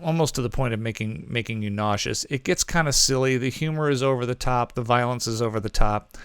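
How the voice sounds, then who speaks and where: A man's voice: mid-range voice, brisk, clean tone, dry recording. A man co-hosting a movie podcast, giving casual reviews in a rambling way, full of ums and self-corrections.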